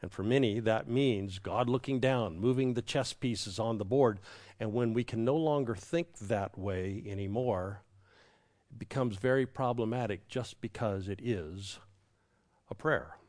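A man preaching a reflective sermon, with a repeating cadence and a quiet hush on key words. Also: fairly low pitch, measured pace. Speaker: pastor.

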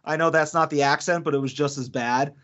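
A man's voice: a little high, fairly even intonation, a little fast, fairly bright tone. Rambling man chatting, lo-fi. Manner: rambling, many fillers and restarts. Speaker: podcast co-host. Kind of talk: casual chat. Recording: dull lo-fi sound.

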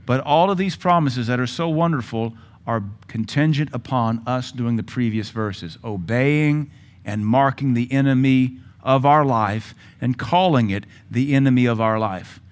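Forceful male preacher, loud then hushed. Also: mid-range voice, normal speed. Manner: forceful preaching with sudden loud rises and quiet drops. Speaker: pastor. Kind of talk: sermon.

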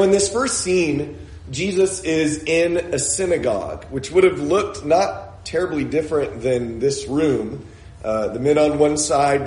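A man's voice: medium pitch, a little mellow, roomy sound. A man preaching a sermon in a church room, reading Scripture aloud and explaining it in a conversational way, with frequent "uh"s and self-corrections.

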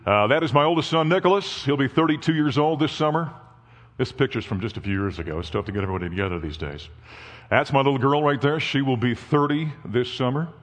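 A man's voice: medium pitch, lively intonation, quick pace, big-room sound. A man in his fifties giving a sermon as a guest speaker, telling personal family stories in a folksy way. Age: 50s. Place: church.

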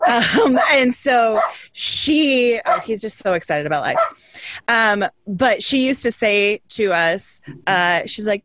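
A woman co-hosting a podcast in casual chat, chatty and quick to laugh. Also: medium pitch, lively intonation, noisy background. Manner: chatty, laughs often, trails off. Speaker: podcast co-host.

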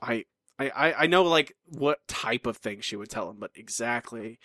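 A man's voice: medium pitch, expressive, normal speed, sharp tone, no room sound, clean studio sound. A man co-hosting a podcast in casual chat, teasing and self-deprecating as he runs a trivia game. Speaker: podcast co-host.

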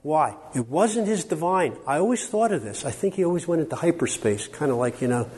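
A middle-aged man teaching a workshop on counseling to a live audience. He talks in an animated, joking way and quizzes the listeners with questions. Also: fairly high pitch, brisk, husky. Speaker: workshop speaker on biblical counseling. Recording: long hall reverb, faint background noise.

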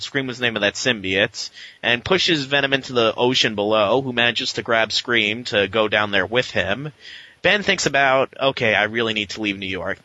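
A man talking through a comic book issue in a loose, rambling podcast chat, now and then popping into a quick voice for a character. His voice is very bright and forceful. The recording is dry and a little dull. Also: medium pitch, no echo. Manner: rambling recap, with animated quoted voices. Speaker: podcast co-host.

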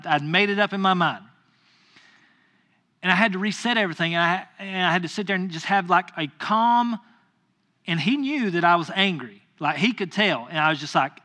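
A man in his thirties, a pastor, telling a personal story in a sermon and acting out his own angry lines. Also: high-pitched. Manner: animated, acts out his own anger in quoted lines.

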